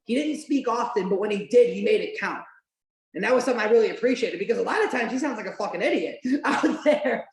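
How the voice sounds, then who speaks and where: A woman's voice: on the high side, fast talker. Chatty woman podcast host, roomy sound. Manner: chatty, animated, many "like" fillers, swears. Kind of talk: casual watch-along chat. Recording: roomy echo.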